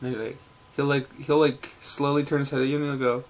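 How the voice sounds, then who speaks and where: A man's voice: medium pitch, flat delivery, fairly quick, a little hiss or hum. A man rambling casually to camera at home in a loose, profane vlog, full of fillers and restarts. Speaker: vlogger. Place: at home indoors.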